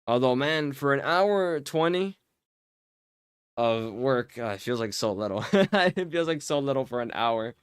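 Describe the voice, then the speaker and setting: A man with a smooth, clean voice in a dry, close recording, talking casually to chat while he plays. He teases viewers with mock offense and often stumbles over his words, repeating them as he jokes. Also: medium pitch, expressive, measured pace, no room sound. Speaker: game streamer. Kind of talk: casual live-stream chat while playing.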